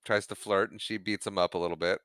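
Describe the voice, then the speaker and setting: A man co-hosting a podcast, casually recapping a movie, laughing often and acting out quick bits of dialogue. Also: low-pitched, fairly even intonation, a bit bright, clean tone, no echo, clean studio sound. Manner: retells scenes with quick acted-out quotes, laughs often. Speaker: podcast co-host.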